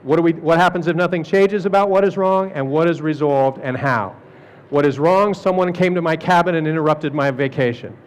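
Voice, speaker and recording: Middle-aged male presenter, fairly high voice, jokey lecture delivery that slips into voices for quotes. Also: brisk. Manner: animated, jokey, acts out quoted people. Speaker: speaker at an art fair talk.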